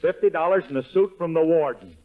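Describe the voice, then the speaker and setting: A man's voice: on the high side, fast, natural voice. A man playing a brash, dim-witted, wisecracking husband in a 1940s radio sitcom. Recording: tinny lo-fi old radio broadcast with hiss.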